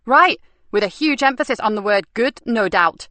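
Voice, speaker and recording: A woman's voice: mid-range voice, brisk, fairly bright tone, dry recording, lightly acted. A woman doing a sardonic, defiant detective.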